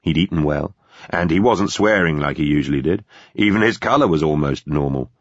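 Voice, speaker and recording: A man reading a novel aloud in steady scripted narration. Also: very deep voice, fairly quick, dry recording, muffled recording. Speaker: audiobook narrator.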